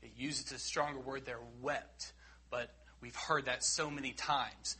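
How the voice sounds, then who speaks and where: A man preaching a sermon in an earnest, emphatic way, rising loud and dropping quiet. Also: medium pitch, steady tone, a little slow, breathy edge.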